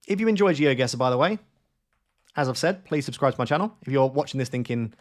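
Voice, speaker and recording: A young man chats casually through a live stream, pitched at an ordinary middle height. He thinks out loud, trails off into fillers and pokes fun at himself as he goes. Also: animated, fast. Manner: chatty, rambling, self-mocking, thinks aloud with many fillers. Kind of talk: casual live-stream commentary while playing a map guessing game.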